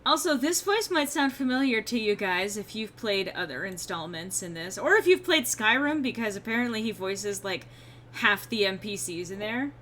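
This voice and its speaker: Bright, joking woman streamer. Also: medium pitch, animated, moderate pace, slight background noise. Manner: joking, irreverent, swears freely. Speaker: game streamer. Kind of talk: casual let's-play commentary.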